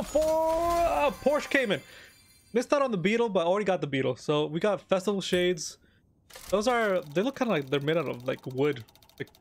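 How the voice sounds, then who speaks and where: A man giving casual, joking gameplay commentary, excitable and sometimes talking with his mouth full of cookie. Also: high-pitched. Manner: excitable, joking, talks while eating. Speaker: gaming YouTuber.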